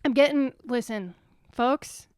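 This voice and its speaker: A woman's voice: a little high, takes it slowly, clear, resonant tone, no room sound, clean studio sound. A young woman from the suburbs, co-hosting a comedy podcast in a swearing, ranting, over-caffeinated way. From Philadelphia suburbs. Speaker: podcast co-host. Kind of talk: casual comedic chat.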